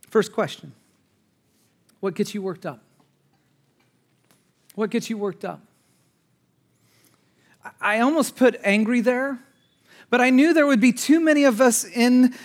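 Male pastor, higher voice, sermon delivery with big swings from urgent to hushed. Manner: swings between urgent raised passages and hushed, quiet asides; conversational, with fillers and restarts.

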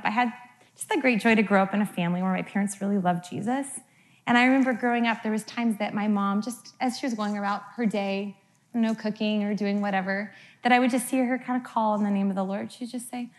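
A middle-aged woman giving a conversational sermon, often checking in with the congregation with "right?" and playfully acting out her children's voices. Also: medium pitch. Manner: chatty, keeps asking "right?" of the crowd. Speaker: church speaker.

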